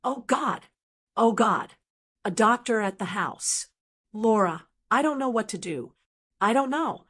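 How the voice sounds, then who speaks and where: A woman's voice: on the high side, lively intonation, slow pace, long pauses, breathy edge, heavily acted. A woman reading the lines of an older wealthy man who fakes senile panic, pleading and broken. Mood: panicked.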